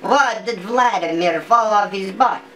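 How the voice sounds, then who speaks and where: A woman telling a string of jokes in a casual, halting way, often repeating words and restarting sentences. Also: mid-range voice, fairly bright tone, poor audio. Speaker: joke teller. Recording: faint background noise.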